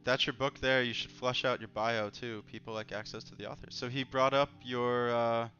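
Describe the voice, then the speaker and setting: A man's voice: medium pitch, little pitch movement, moderate pace, bright, forceful tone. Laid-back man hosting a livestream chat. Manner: easygoing, joking, reads chat aloud. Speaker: host. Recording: dull lo-fi stream audio with faint music.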